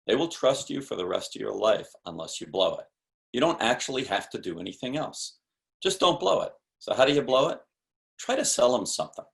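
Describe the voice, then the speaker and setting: Man, sales expert guest, gravelly voice, emphatic, rhetorical questions. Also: medium pitch, sing-song, a little fast. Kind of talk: podcast interview explanation.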